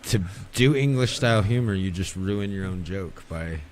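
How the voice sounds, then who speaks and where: A man co-hosting a radio show, trading corny puns in a dry, deadpan way. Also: low-pitched, normal speed, slight background noise. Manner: deadpan punster, dry jokey delivery. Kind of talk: casual radio banter.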